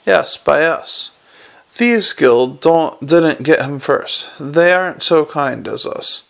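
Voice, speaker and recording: A man's voice: on the high side, lively intonation, slow, gravelly, heavily acted. A man doing a cheerful, earnest young watchman.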